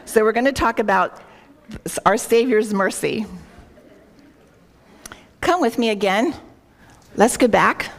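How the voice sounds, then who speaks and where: A woman talks slowly to a women's group, her slightly high voice marked by vocal fry and frequent pauses. She earnestly tells a story and reads scripture in a devotional talk, often asking her listeners questions, wearing a worn microphone.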